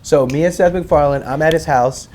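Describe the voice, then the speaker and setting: A man's voice: a little high, fairly quick. A man in his thirties telling stories as an interview guest, casual and profane, acting out quotes from others. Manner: animated, profane, acts out quotes. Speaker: guest, rapper and filmmaker.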